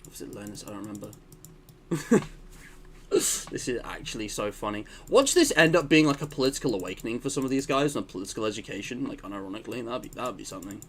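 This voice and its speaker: A man's voice: medium pitch, very animated, quick pace, fairly bright tone, slight background noise. Amused man chatting through a game stream. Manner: amused, laughs often, wry asides. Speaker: streamer and channel host. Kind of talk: casual game stream commentary.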